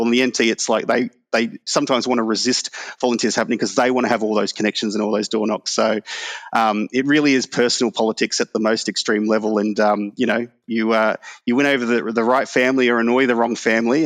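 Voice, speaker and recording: An Australian man being interviewed, recalling campaign memories in an easygoing way with many fillers. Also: mid-range voice. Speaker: guest, former political staffer. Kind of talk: casual interview chat.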